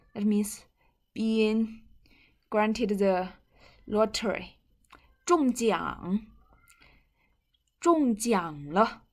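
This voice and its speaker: Slow, patient woman teaching a language. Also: fairly high pitch, a bit bright. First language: Mandarin Chinese. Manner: patient, repeats each word slowly and glosses it. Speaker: Chinese teacher. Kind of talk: bilingual language lesson.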